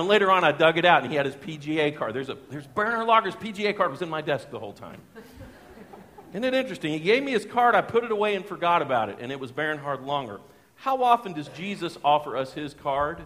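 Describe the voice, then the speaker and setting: A middle-aged man, preaching a sermon as a pastor and telling a personal story in a lively, folksy way with chuckles. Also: a little high, a little fast. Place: church sanctuary. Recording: long church hall reverb.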